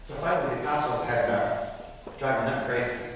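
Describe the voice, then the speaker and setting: A man's voice: mid-range voice, brisk, slight background noise. Male priest, chatty sermon with tag questions, long reverberant hall, faint ambience. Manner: conversational, frequent tag questions. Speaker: pastor. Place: church. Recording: echoey church hall, mic from far.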